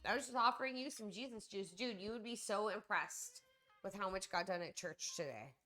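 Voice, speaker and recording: Bright-voiced chatty woman streamer. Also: medium pitch, fairly quick, faint music behind. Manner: chatty, talks straight to viewers. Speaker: livestream cooking host. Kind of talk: casual livestream chat.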